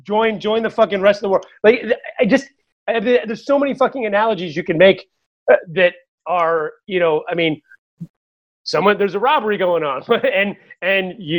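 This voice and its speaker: Profane jokey podcast co-host, muffled. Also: medium pitch. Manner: profane, animated, jokey, breaks into mock voices and laughter. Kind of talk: casual political chat.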